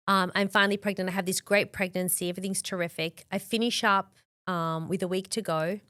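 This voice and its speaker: A woman's voice: mid-range voice, clear, resonant tone, no echo, clean studio sound. An Australian woman in her forties, a podcast guest telling her story candidly and acting out the dialogue she quotes. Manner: animated, acts out quoted dialogue, frequent "like".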